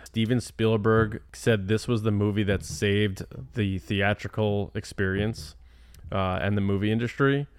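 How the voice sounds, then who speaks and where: Smooth-voiced man chatting on a podcast. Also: on the low side, steady tone, a little slow, no echo, clean studio sound. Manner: chatty and enthusiastic, jokey. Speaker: podcast co-host. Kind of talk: casual podcast chat.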